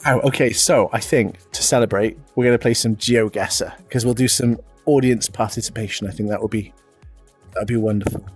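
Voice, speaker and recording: A man's voice: on the low side, steady tone, moderate pace, faint music behind. A British man streaming live, chatty and self-deprecating, laughing often as he talks to viewers. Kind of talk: casual live-stream chat.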